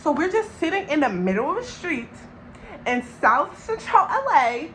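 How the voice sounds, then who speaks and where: A young woman from Long Beach tells a storytime vlog. Her voice sits a touch high, and she speaks in a loose, slangy way while addressing her viewers directly. A faint background hum sits under the recording. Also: very animated, normal speed, bright, forceful tone, poor audio. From Long Beach, California. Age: young adult. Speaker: vlogger.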